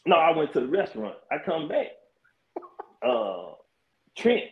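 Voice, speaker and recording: A man, a barber, telling a barbershop story in a relaxed, chuckling way during a casual group chat. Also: fairly high pitch, unhurried, dull audio. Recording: roomy echo.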